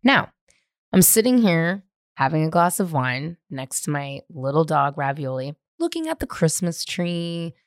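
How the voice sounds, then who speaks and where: Recording at home in her living room, this San Francisco podcast host in her thirties speaks unhurriedly in a low voice as she recounts something from her teens on her solo show. She's animated and profane, rambling with lots of "like" fillers. The sound is dry and clean, like a studio.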